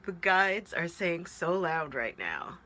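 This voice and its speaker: Slow, bright-voiced woman spiritual coach. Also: fairly low pitch, very animated. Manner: earnest, emotional, keeps asking "right?". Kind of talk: heartfelt direct-to-camera talk.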